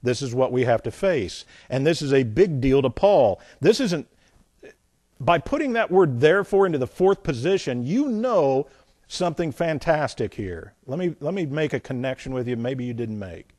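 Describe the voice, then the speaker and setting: An animated male pastor with a mid-range voice teaches from the Bible at normal speed, hammering points loudly, then dropping into quiet asides and repeating phrases. The sound is clean studio audio without echo.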